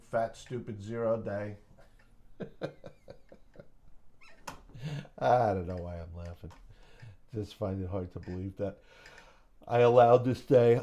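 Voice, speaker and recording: A man hosting a live day trading stream, talking casually in a slow, rambling way and poking fun at himself. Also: mid-range voice, darkish tone. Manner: slow, rambling, self-mocking with small laughs.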